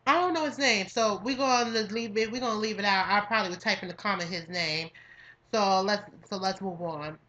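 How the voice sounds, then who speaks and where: A woman's voice: medium pitch, brisk, fairly bright tone. A young woman from New York State, cohosting a podcast, rants in a casual monologue, profane and emphatic, repeating herself and using slang. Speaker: podcast co-host.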